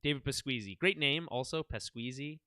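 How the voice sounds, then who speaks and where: A man co-hosting a casual recap podcast, animated and laughing often, swearing now and then. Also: medium pitch, brisk, dry recording, clean studio sound. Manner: animated, laughs often, quotes characters in asides. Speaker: podcast co-host.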